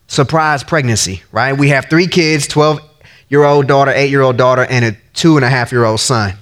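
High-voiced animated preacher man. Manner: animated, slangy, acts out voices with big pitch swings. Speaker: pastor. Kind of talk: sermon.

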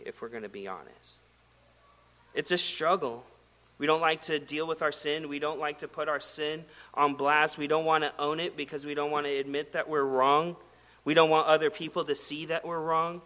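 Bright-voiced man preaching in a hall. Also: on the high side. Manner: conversational, animated storytelling with acted quotes. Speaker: pastor. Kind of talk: sermon.

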